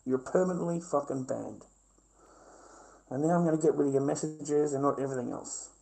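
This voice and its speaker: A man's voice: on the high side, brisk, vocal fry, mellow, soft background music, rough recording. A middle-aged man with an Australian accent, ranting brashly and combatively on a livestream and swearing constantly. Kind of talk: profane livestream rant.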